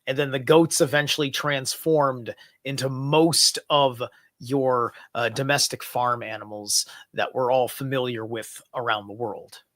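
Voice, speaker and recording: A man in an unscripted podcast conversation, explaining something haltingly with many fillers. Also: medium pitch, fairly even intonation, a bit bright, no echo, clean studio sound.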